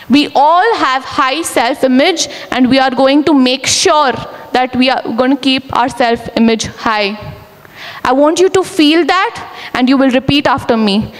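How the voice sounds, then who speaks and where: A woman's voice: high-pitched, measured pace. A young woman running a motivational school workshop, commanding the group and telling them to repeat after her. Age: young adult. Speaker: workshop facilitator. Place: large school hall indoors. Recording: echoey hall with students around. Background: a room of students.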